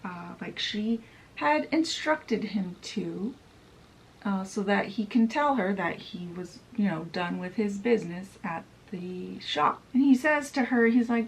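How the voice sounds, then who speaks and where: A woman's voice: medium pitch, expressive, unhurried, gravelly, poor audio. A woman casually summarizing a fantasy novel in a chatty way, often saying "he's like". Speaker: book reviewer.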